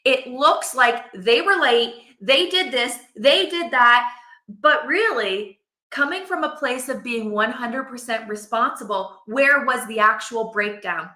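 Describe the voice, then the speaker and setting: A middle-aged woman telling a personal story to camera, animated and acting out her own quotes. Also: on the high side, unhurried, reverberant. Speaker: vlogger, mother.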